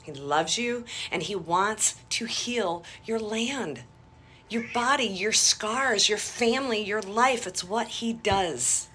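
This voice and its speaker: A woman's voice: medium pitch, slow, pushed and bright, slight background noise. A woman giving an earnest, encouraging devotional talk to her viewers. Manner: earnest, encouraging, addresses viewers as "you guys". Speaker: faith vlogger.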